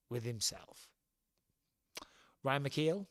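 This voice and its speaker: A man's voice: a little high, normal speed, fairly bright tone, no echo. A middle-aged man with an English accent, hosting a casual livestream from home, chatty and blunt, swearing freely. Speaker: livestream host.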